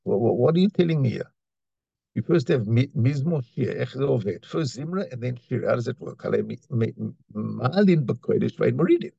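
A man's voice: mid-range voice, lively intonation, rapid-fire, creaky, warm tone, breathy edge, dry recording, dull audio. A man teaching a Torah class, reading Hebrew phrases and explaining them in English, often repeating words as he searches for the next one. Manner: reads Hebrew lines then translates, with repetitions and restarts.

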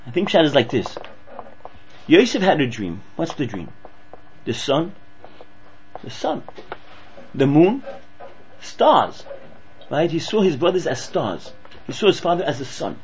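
Excitable man teaching Torah, lo-fi. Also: on the high side, measured pace, long pauses, slight background noise. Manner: excitable, repeats and restarts words. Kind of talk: animated Torah lesson.

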